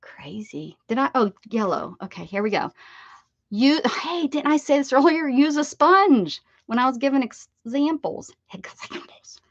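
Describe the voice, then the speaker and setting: A woman's voice: sits high, animated, moderate pace, no room sound, muffled recording. A woman with an American accent hosting a casual craft livestream, rambling and greeting viewers from the chat with sing-song repeats. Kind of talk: casual chat with live chat readers.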